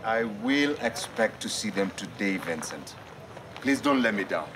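A stern, demanding customer. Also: male voice, fairly low pitch, lively intonation, unhurried, noisy background. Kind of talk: TV drama acting.

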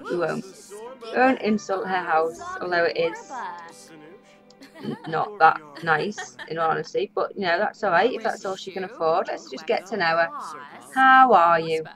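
A woman's voice: medium pitch, fairly bright tone. Chatty woman narrating her gameplay. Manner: chatty, talks to the game characters. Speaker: let's play host. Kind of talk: casual gameplay commentary. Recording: slightly dull lo-fi audio.

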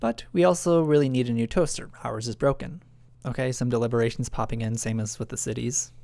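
Male essay narrator, self-questioning and musing, gravelly voice, dry close recording. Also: medium pitch, steady tone, fairly quick, a little mellow, dry recording. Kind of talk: reflective scripted narration.

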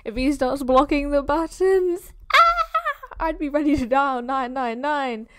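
A young woman with a British accent reacts to a film in a chatty, teasing way. Her voice sits high. The sound is close and dry, with no room around it. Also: unhurried, no echo. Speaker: movie reaction host. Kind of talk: casual reaction commentary.

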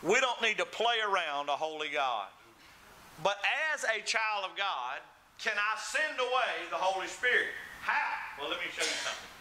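High, bright preacher. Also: male voice, animated, moderate pace, slight background noise, poor audio. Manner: storytelling preacher, acts out quoted voices with big swings. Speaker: pastor. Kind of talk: sermon.

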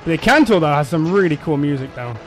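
A man commentating his own gameplay, excitable and quick to shout and laugh at the game. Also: on the high side, a little hiss or hum. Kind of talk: let's play commentary.

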